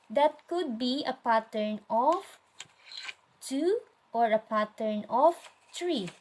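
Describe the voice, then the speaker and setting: A woman's voice: on the high side, darkish tone, low-quality recording. A woman with a Filipino accent teaching a recorded lesson on poetry meter, asking questions and reading lines aloud with marked stress.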